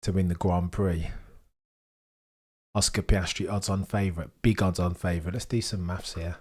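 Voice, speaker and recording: A young man hosts a live watchalong stream. He talks casually and excitedly to his chat, and his voice sits a little low. He jokes and riffs with the viewers as he goes. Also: moderate pace, husky.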